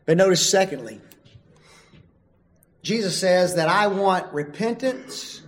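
A man preaching a sermon, emphatic and full of rhetorical questions, swinging from loud calls to hushed asides. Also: sits high, expressive, a little slow, long pauses.

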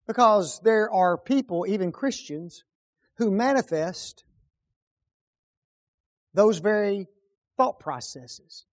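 A man preaching a sermon, swinging between loud emphatic peaks and hushed low asides, and asking the congregation rhetorical questions. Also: slow, pauses often.

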